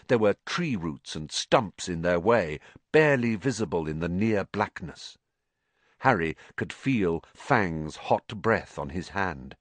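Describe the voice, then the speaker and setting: Expressive low-voiced male storyteller. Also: dry recording. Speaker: audiobook narrator. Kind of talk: scripted storybook narration.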